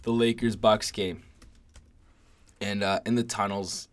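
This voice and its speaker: A man's voice: fairly low pitch, steady tone, measured pace. A young man co-hosting a podcast in casual, profane banter about sports. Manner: profane, laid-back, mocking impressions. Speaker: podcast co-host.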